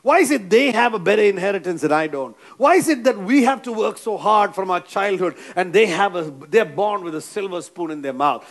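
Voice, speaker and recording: A male preacher with a high voice that swings widely up and down. He preaches with emphasis, repeats his phrases, and keeps urging the congregation to say amen. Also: lively intonation, a little fast, hardly any pauses. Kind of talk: sermon.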